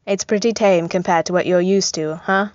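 A woman's voice: on the low side, fairly even intonation, normal speed, a little mellow, no room sound, muffled recording, close to an everyday voice. A woman reading a story aloud, voicing a dry, affectionate young soldier who looks after a baby. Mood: fond.

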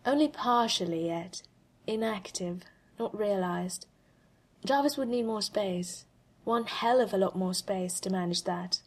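A woman narrating a fan story aloud, with expressive pacing and dramatic pauses. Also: medium pitch. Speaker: fanfiction reader.

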